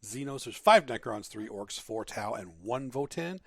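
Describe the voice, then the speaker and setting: A man co-hosting a casual gaming podcast, excitable and joking in quick back-and-forth chat. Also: medium pitch, vocal fry, no room sound, studio quality. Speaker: co-host.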